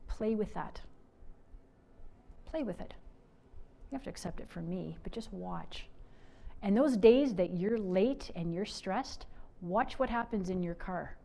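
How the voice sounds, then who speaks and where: A middle-aged woman from Canada giving a motivational talk, telling stories with animated swings from loud to soft. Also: medium pitch, creaky. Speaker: speaker.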